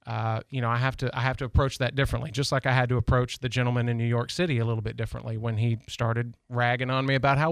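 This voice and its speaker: A man's voice: medium pitch, fairly bright tone, clean tone, dry recording. A man from Tennessee with a Southern accent, telling stories as a radio host in a loose, rambling way with many restarts. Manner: rambling storyteller, frequent restarts and "you know". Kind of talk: casual monologue.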